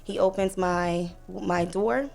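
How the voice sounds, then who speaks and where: A young woman telling a personal story on a podcast in a casual way, acting out the people in it with lively quoted lines. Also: mid-range voice, slow pace, creaky, soft background music. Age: young adult. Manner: animated retelling, acts out voices, fillers. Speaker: podcast guest.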